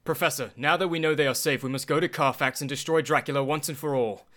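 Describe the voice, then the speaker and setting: An actor playing an earnest young doctor in radio drama style. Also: male voice, on the high side, fast, pushed and bright.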